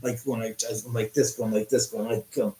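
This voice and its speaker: A man hosting a livestream from his house, rambling and excitable with many restarts and some swearing. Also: lowish voice, fairly quick, reverberant, poor audio. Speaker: livestream host. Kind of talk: live-stream storytelling.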